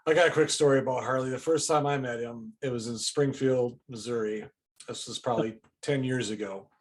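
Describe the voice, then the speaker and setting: A man in his fifties hosting a podcast, telling relaxed anecdotes and giving friendly acknowledgements in casual chat. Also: medium pitch, a little fast. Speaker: podcast host.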